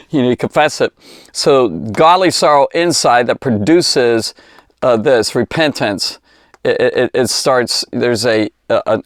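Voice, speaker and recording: A man giving an informal Bible teaching, animated and chatty, often repeating words as he restarts. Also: medium pitch, dry recording, studio quality.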